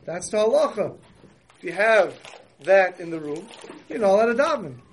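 A man voicing a calm, wise brother who patiently reasons with his sibling in a retold story. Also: high voice, moderate pace, a little hiss or hum. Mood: reasoning.

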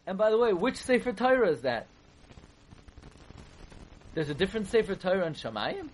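Guy teaching torah, kinda high voice, keeps firing rhetorical questions, gets worked up. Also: normal speed, long pauses. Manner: rhetorical questions, grows emphatic and animated. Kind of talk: Torah lecture on the weekly portion.

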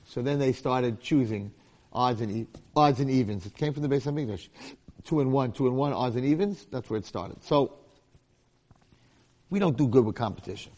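Animated and fairly quick, with a mid-range, slightly mellow voice, this middle-aged man is a rabbi and veteran teacher. His informal Torah lecture is full of stories and jokes, with the people in them given acted-out voices.

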